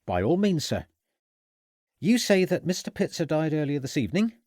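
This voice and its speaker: A cheerful, eager rural constable in a period mystery audiobook, as a male narrator does his voice. He talks brightly and a touch high, deferential and keen to please. The recording is dry and close. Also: big pitch swings, normal speed, dry recording. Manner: respectful, eager, says sir often. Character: cheerful young country police constable.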